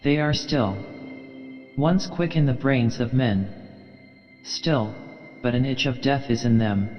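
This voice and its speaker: A man's voice: mid-range voice, takes it slowly. Man narrating an audiobook, echoey. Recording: reverberant dull recording, faint music.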